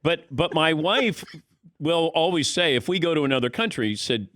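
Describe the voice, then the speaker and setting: A man's voice: fairly high pitch, moderate pace, dry recording, studio quality. A man hosting a sports talk radio show, telling a story and acting out the dialogue in casual chat. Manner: animated storyteller, acts out dialogue. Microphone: studio microphone.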